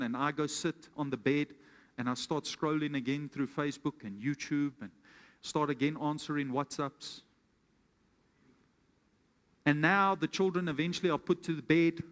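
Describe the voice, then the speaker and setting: A man preaching from the pulpit, his voice a touch higher than most men's. He keeps asking the congregation questions and acts out a homely example story. Long reverb from the church hall trails after every line. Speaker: pastor. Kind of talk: sermon.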